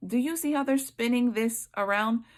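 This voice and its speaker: A woman teaching a Bible study, reading scripture aloud and commenting with emphatic, expressive reactions. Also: a little high, moderate pace.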